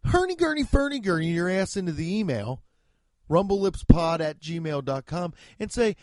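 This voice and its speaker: A man's voice: a little high, measured pace, dark tone, no room sound, clean studio sound, lightly acted. A man voicing a goofy foreign podcast listener in a mocking, exaggerated put-on accent with nonsense words.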